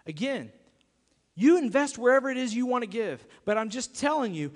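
Brief: emphatic male pastor mid-sermon, high-pitched voice, long reverberant hall. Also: big pitch swings, normal speed. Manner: emphatic, repeats himself, acts out quoted voices. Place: church sanctuary.

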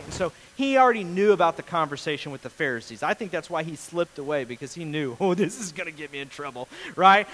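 A male pastor with a high-sitting voice gives a casual, jokey sermon, animatedly acting out the voices of the people in his story. The recording is low quality.

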